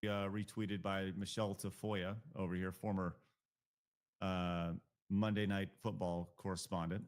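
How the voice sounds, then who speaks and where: A man's voice: sits low, little pitch movement, a little slow. A male live stream host giving blunt, profane, heated reaction commentary.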